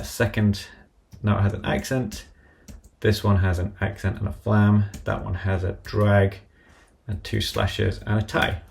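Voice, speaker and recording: Gravelly-voiced man walking through a tutorial. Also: lowish voice, slight background noise. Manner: methodical, talks through each step as he works. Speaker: app developer demonstrating software. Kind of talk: live-streamed software tutorial.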